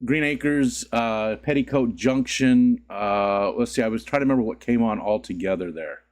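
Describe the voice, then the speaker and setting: A man hosting a casual livestream, just woken up, chatting with viewers and greeting them by name. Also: normal speed. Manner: rambling, greets chat, sudden squeaky voice cracks and laughs. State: just woke up. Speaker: livestream host.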